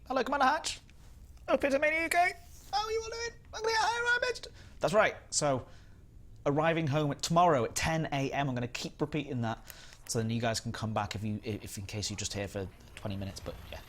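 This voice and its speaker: A young man hosting a live game stream, chatting casually and greeting viewers by name in an upbeat way. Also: mid-range voice.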